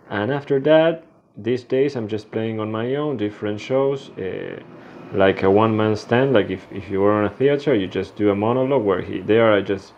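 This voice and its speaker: Low-voiced man. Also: a little mellow, dull audio, a little hiss or hum. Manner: halting, searching for words with frequent restarts. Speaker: radio show host. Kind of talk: casual self-introduction vlog.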